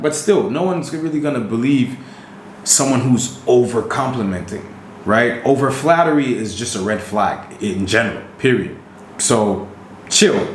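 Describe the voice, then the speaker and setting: A man co-hosting a podcast in casual chat, animated and emphatic, often checking in with "right?". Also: mid-range voice, a little hiss or hum. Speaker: podcast co-host. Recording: roomy recording.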